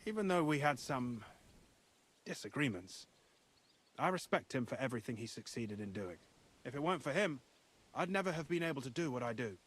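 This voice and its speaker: Earnest grateful man in a game, lively tone. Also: mid-range voice, fairly quick, long pauses. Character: grateful adult man, respectful and reflective. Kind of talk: video game voice acting.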